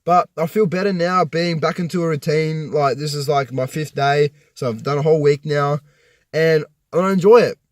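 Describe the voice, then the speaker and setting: Young man, higher voice, dry close sound, rambling swearing rant from his parked car. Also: moderate pace, no echo. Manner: rambling, profane storytelling with many restarts. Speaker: vlogger. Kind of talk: casual personal rant.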